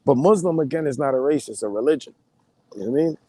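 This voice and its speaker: A man live streaming in relaxed, slangy casual chat, greeting his viewers as he talks. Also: medium pitch, quick pace, no room sound.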